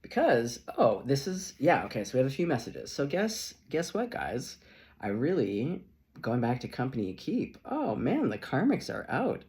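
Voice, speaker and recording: A man's voice: mid-range voice, wildly swooping pitch, normal speed, darkish tone. A man reading tarot who tells a long, rambling personal story in a chatty vlog, swearing casually and laughing often. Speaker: tarot reader.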